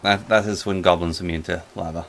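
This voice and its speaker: A man's voice: low voice, fairly even intonation, brisk, creaky, fairly bright tone, a little hiss or hum. A man casually rambling and joking while narrating his gameplay. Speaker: gaming channel host.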